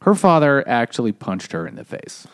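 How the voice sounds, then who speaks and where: A man's voice: mid-range voice, sing-song, normal speed, dry recording, clean studio sound. A man casually retelling a novel's plot on a book podcast, rambling with lots of fillers. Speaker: podcast co-host.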